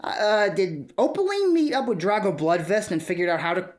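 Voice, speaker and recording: A woman talking casually in a vlog, rambling with many fillers and soft chuckles. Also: mid-range voice, lively intonation, normal speed. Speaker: video creator.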